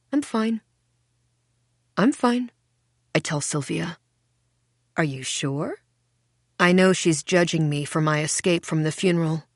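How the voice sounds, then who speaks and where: Low-voiced woman narrating an audiobook. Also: no room sound, clean studio sound. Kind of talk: first-person literary narration.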